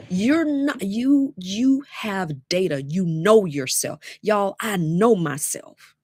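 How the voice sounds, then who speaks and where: A woman hosting a live webinar, chatty and lively, talking straight to her viewers. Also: on the low side, slow pace, few pauses, no echo, studio quality. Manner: lively, chatty, addresses audience as y'all. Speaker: webinar host and dating coach.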